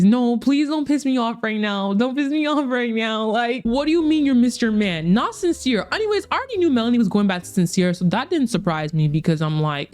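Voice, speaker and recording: A young woman doing a casual commentary vlog, talking in an animated, slangy, exasperated way and laughing often as she recaps a reality show. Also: on the high side.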